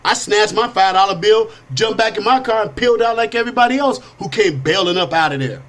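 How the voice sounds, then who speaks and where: A middle-aged man with a Californian accent, hosting a talk show and telling stories in a lively, animated way that acts out sounds and quotes. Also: sits high, fairly quick. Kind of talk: casual storytelling monologue.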